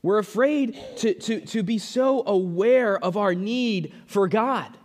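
A man's voice: high voice, animated, takes it slowly, hardly any pauses, darkish tone, big-room sound. A man preaching a sermon, earnest, often repeating words, his voice rising when he pleads. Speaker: pastor.

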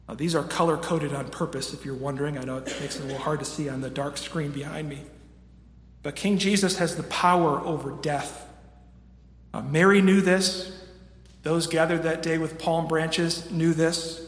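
A man in his thirties preaches a sermon in a slightly high voice, moving between hushed stretches and raised emphatic peaks. His voice rings around a large, echoey church hall with a long reverb tail. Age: 30s. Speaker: pastor. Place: church sanctuary with a screen.

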